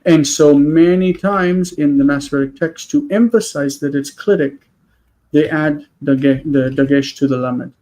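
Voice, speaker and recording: A man with a slightly high, mellow voice teaches a grammar class over a video call. He explains patiently and slows right down to spell out each word. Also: fairly even intonation, low-quality recording. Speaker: Hebrew teacher. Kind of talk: online class lesson.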